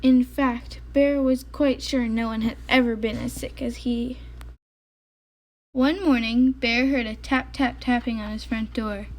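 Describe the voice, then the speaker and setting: A woman reading a children's picture book aloud in a gentle storytelling manner. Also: on the high side, fairly even intonation, measured pace. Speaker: storybook reader.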